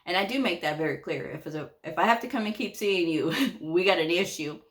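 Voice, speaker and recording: Chatty low-voiced woman telling work stories. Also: animated, a little fast. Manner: chatty, laughs often, acts out quoted dialogue. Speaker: medical coder. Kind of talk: casual storytime vlog.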